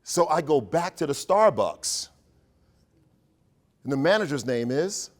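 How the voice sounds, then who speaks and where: Playful storytelling man, higher-pitched voice. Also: unhurried. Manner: playful, animated, joking with the crowd. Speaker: educator leading a workshop. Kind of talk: storytelling talk to an audience.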